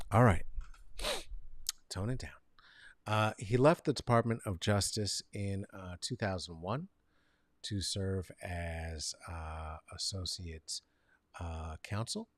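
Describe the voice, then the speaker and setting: A man hosting a comedic commentary show, rambling and sarcastic, swinging between mumbled asides and loud outbursts and talking to viewers by name. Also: low-pitched, dry recording. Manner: talks to chat viewers by name. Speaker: show host.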